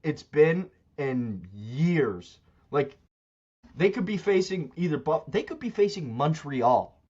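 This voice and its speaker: A man co-hosting a casual sports podcast, ranting loudly and mocking rival fans. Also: very animated, slow pace, husky. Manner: loud, mocking rants with big pitch jumps. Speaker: podcast co-host. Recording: dull lo-fi sound.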